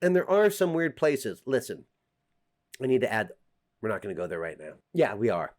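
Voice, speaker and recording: A man's voice: fairly low pitch, big pitch swings, moderate pace, a little mellow. A middle-aged man with an American accent, talking casually and jokingly straight to the camera as a vlogger. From United States. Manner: chatty, joking, direct address to viewers.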